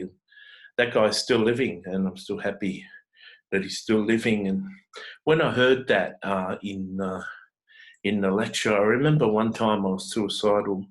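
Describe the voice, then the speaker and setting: An Australian man vlogging, telling a personal story in an earnest, halting way with many restarts. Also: lowish voice, rough recording.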